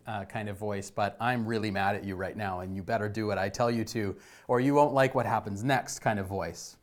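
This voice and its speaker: A middle-aged man preaching a sermon as a pastor, telling stories with swings between emphatic lines and hushed ones. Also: mid-range voice.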